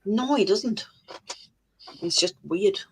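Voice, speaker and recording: A woman's voice: mid-range voice, lively intonation, slow pace, husky, rough recording. A woman co-hosting a live stream in casual chat, reading viewer comments aloud with dry, jokey swearing.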